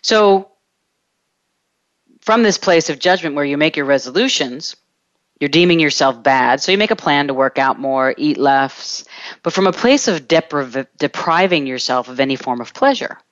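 A self-help podcast host giving a reflective coaching monologue, speaking slowly and deliberately and drawing out words in long lists. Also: medium pitch, expressive, a bit bright, dry recording, highs cut off.

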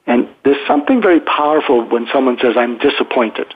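Offering conversational advice, a male podcast host and psychiatrist explains communication techniques thoughtfully, acts out example phrases, and keeps restarting his thoughts. He speaks fast in a sing-song, medium-pitched voice, recorded with phone-line sound.

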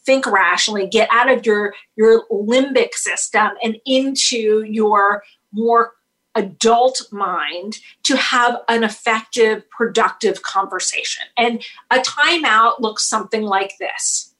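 Podcast guest therapist, woman, lively and clear, bright-toned. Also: fairly high pitch, slow pace, poor audio. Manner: energetic, explains with acted-out example dialogue. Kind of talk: podcast interview.

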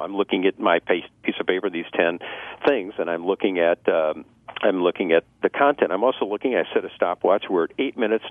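Male sales trainer guest, quick and animated, acts out customer voices, somewhat low voice, tinny phone-line radio sound. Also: dry recording. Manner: lively, acts out customer dialogue, laughs at own jokes. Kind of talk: radio talk giving sales tips.

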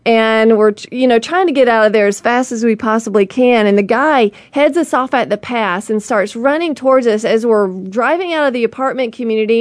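A woman's voice: on the high side, no room sound. Chatty host woman, dry close sound. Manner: rambling and candid, full of "you know" and restarts. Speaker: show host. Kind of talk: personal storytelling monologue to an audience.

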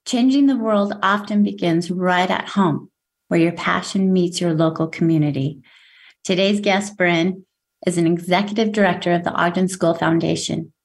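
A woman's voice: fairly low pitch, normal speed, gravelly. Bubbly, enthusiastic woman podcast host. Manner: bubbly, enthusiastic, leads breathing exercises. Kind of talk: casual chat.

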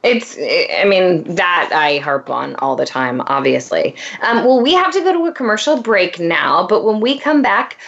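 A woman hosting a casual interview, chatty and quick to laugh. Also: fairly low pitch, animated, gravelly, a bit bright. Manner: chatty, with frequent laughs and fillers. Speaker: host. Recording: dull lo-fi sound.

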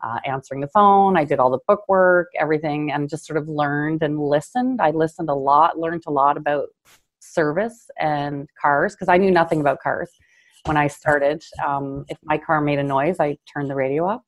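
Low-voiced Canadian woman, earnest storyteller. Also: normal speed. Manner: earnest, gets choked up, many fillers. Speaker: guest, car dealership owner. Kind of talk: interview storytelling.

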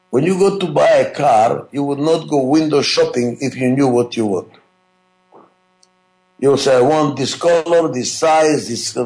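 A man's voice: mid-range voice, mellow, roomy sound, rough recording. A man giving a management lecture, emphatic and repetitive, often asking rhetorical questions. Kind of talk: classroom lecture.

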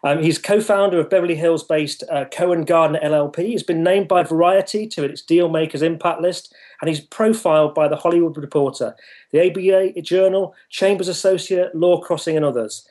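A northern English man hosts the interview, pausing on many ums and laughing easily. His voice sits a little high for a man. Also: a little mellow. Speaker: host. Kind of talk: casual interview.

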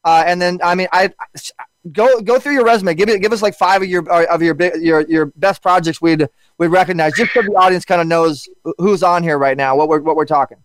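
Fast-talking, high-voiced podcast host man. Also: no echo. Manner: energetic, hurried, stumbling restarts. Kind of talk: casual podcast chat.

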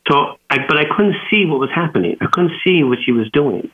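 A man from California, appearing as a guest author on radio, talks fairly quickly in a fairly high voice through a tinny phone connection. He's an animated storyteller who voices the quoted dialogue.

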